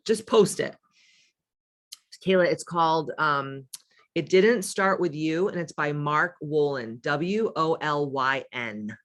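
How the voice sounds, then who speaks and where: A woman's voice: sits low, slow. A middle-aged woman with a smoky voice, hosting a casual livestream as a spiritual coach, reading viewer comments and talking candidly, with profanity and frequent laughter. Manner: candid and profane, laughs often, playful asides.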